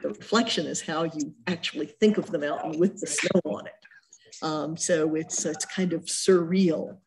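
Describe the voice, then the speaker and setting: A woman's voice: deep voice, steady tone, normal speed, background noise. A middle-aged woman giving an art history lecture as a museum curator, chatty and full of ums and self-corrections.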